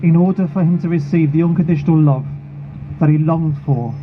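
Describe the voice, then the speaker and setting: A man, founder of a charity, giving an earnest, measured and emotional prepared speech at an outdoor protest rally. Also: on the high side, faint music behind. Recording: phone-like sound with clear street noise.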